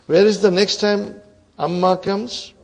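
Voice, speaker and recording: A man teaching an Arabic grammar class, quizzing students with repeated questions and clearing his throat often. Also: sits high, fairly even intonation, a little slow, rough recording.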